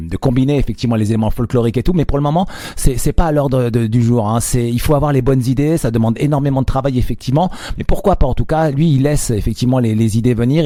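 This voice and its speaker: French radio host, dark dry voice. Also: male voice, medium pitch, no room sound. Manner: hesitant, many fillers, switches between French and English. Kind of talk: live radio interview, translating into French.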